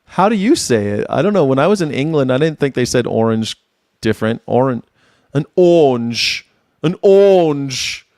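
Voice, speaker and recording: A man's voice: mid-range voice, expressive, fairly quick, darkish tone, no echo, clean studio sound. A man in his forties hosting a casual livestream, rambling commentary that trails off, repeats words and laughs often. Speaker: independent news and culture commentator.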